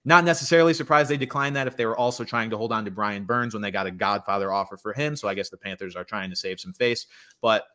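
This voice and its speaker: A young man co-hosting a podcast from a friend's home, talking sports casually with quick joking asides. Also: lowish voice, sharp tone. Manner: chatty, quick asides, self-deprecating humor. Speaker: podcast co-host.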